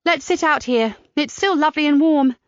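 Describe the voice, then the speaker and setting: A cheerful, eager grown daughter, as a woman narrator puts her on. Her voice sits high and louder than the narration. The recording is dry and slightly muffled. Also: normal speed, no room sound, natural voice. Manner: bright and eager. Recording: dry, slightly dull studio sound.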